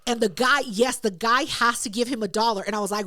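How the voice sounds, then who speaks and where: A young adult woman co-hosting a podcast, telling a story in casual chat, animated and profane, acting out quotes in a raised voice. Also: fairly high pitch, fast, dry recording, clean studio sound. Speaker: podcast co-host.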